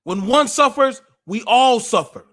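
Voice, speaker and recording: A man's voice: very high voice, lively intonation, measured pace. Impassioned man preaching on a livestream. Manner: preachy, emotional, rising to shouts. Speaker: podcast host.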